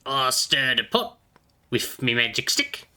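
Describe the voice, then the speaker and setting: A man's voice: medium pitch, sing-song, slow pace, pushed and bright, full character voice. A man voicing a self-important male goblin shaman who speaks in a pompous, official manner.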